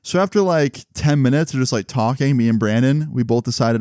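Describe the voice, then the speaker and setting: A man telling a story in a casual storytime vlog, animated and full of swearing and fillers. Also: medium pitch, brisk, few pauses, clean tone, dry recording, studio quality.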